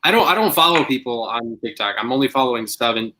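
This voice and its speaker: A young man hosting a live stream, chatting in a relaxed, easygoing way with a few hesitations. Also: medium pitch, fast talker, poor audio. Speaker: channel host. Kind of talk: casual chat.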